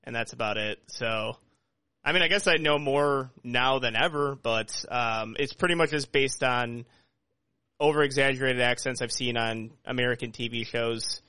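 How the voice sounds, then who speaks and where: Bright, dry-voiced joking podcast host man. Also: mid-range voice, normal speed, no room sound. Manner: joking, talks over others. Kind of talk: casual chat. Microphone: video call.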